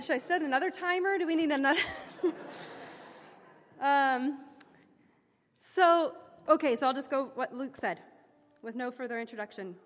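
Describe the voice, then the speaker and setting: A woman giving an informal sermon-style report to her congregation, chatty and self-deprecating, with many fillers and restarts. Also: on the high side. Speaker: church member reporting back to her congregation. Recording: long hall reverb.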